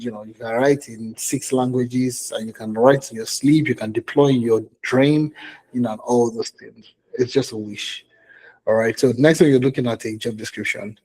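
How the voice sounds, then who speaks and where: A man's voice: medium pitch, warm tone, breathy edge. A man with a Nigerian accent coaching job seekers in a conversational way, repeating his points and checking in with "okay?". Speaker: career coach. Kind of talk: live online coaching session.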